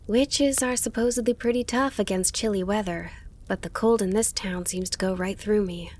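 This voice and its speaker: A woman voicing a proud, spirited young witch girl in an audiobook reading, emphatic and going high when upset. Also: moderate pace, darkish tone, natural voice. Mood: thoughtful.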